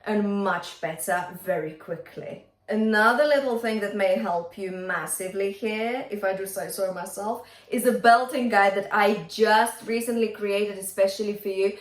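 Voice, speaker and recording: A woman's voice: medium pitch, reverberant. A woman vocal coach teaching a singing lesson, upbeat and encouraging, often checking in with her students.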